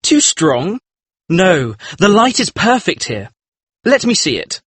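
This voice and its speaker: A man plays a troubled, earnest painter in an audiobook drama. His husky voice sits a little high and rises and falls a lot as he pleads. The sound is dry and close. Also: wildly swooping pitch, takes it slowly, a bit bright, dry recording, full character voice. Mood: insistent.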